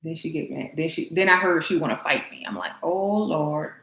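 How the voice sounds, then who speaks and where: A woman's voice: low-pitched, animated, quick pace, a bit bright. A woman vlogger chatting casually with her stream chat while getting ready, laughing and answering comments. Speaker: beauty vlogger livestreaming to chat. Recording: roomy echo, faint noise.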